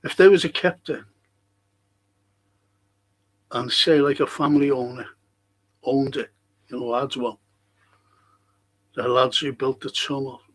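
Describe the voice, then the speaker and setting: A man's voice: mid-range voice, fairly even intonation, unhurried, long pauses, rough recording. A man hosting a casual live stream, chatty and rambling as he reads out viewer comments.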